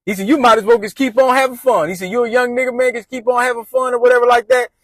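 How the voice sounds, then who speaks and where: A man's voice: extremely high pitch, steady tone, racing, slight background noise. A man telling a long personal story in casual slang, rambling and acting out what his friends told him.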